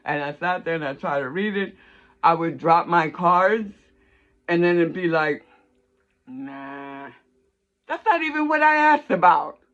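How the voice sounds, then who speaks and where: Animated woman rambling, muffled audio. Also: low voice. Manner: animated, swears freely, laughs mid-sentence. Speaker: vlogger on astrology and tarot. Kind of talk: casual rambling monologue.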